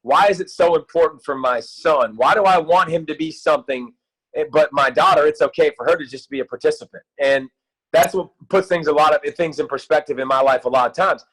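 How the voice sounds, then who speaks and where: Husky excited man rambling about coaching. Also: on the high side, fairly quick, poor audio. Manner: excited, rambling, restarts often. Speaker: interview guest, football analyst and youth coach. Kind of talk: casual interview talk.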